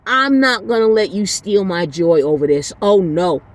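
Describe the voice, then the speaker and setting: A woman's voice: medium pitch, expressive, normal speed. A woman hosting a solo podcast, ranting bluntly and with exasperation, swearing now and then. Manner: soft, tired sign-off. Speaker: podcast host.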